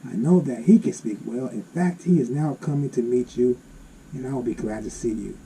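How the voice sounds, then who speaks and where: A man reading Bible verses aloud and explaining them in an animated, exclaiming way. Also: mid-range voice, normal speed, a little hiss or hum, poor audio. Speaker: Bible teacher.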